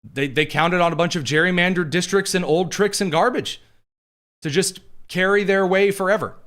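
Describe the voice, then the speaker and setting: A man hosting a podcast, giving quick, sarcastic, rambling political commentary full of fillers. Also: a little high, a bit bright. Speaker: podcast host.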